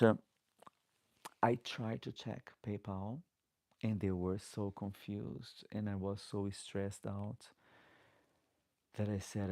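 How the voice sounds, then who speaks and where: A middle-aged man with a lowish, gravelly, mellow voice, talking into a close desk mic in a dry, dead room. He hosts a live Q&A as a drag performer, reading viewer comments and rambling with many restarts in slightly broken English. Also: no echo. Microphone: desk microphone.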